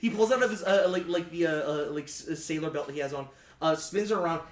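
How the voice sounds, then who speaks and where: A high-pitched man narrates a tabletop game, stumbling through fillers and restarts as he goes. He sits back from the mic in an echoey room, with a faint hiss behind him. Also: distant mic. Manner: halting, many fillers and restarts. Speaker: game master.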